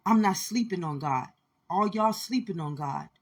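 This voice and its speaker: A woman's voice: on the low side, expressive, moderate pace, husky. A woman giving an impassioned spiritual monologue, speaking intensely and repeating her points as she addresses listeners directly.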